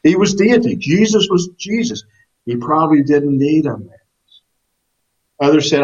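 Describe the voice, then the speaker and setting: A man's voice: fairly high pitch, animated, normal speed, long pauses, a little mellow, highs cut off. A man preaching a sermon in an earnest, emphatic way, often repeating a word as he starts a phrase. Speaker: pastor.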